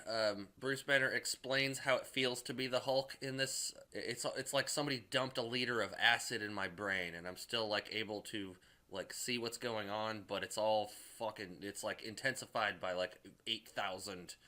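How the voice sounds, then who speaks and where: A man's voice: lowish voice, fairly even intonation, normal speed, few pauses, pushed and bright. A man casually recapping a movie in a rambling way, packed with filler words and swearing. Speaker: movie reviewer.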